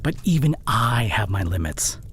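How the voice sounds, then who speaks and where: A man's voice: on the low side, sing-song, moderate pace, a bit bright, a little hiss or hum, rough recording. A man playing an overworked young boyfriend in an audio roleplay drama, speaking closely and with strong emotion straight to the listener. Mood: frustrated, heated. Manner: emotionally charged, intimate second-person address. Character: overworked young adult boyfriend, short-tempered but loving. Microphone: close studio condenser mic.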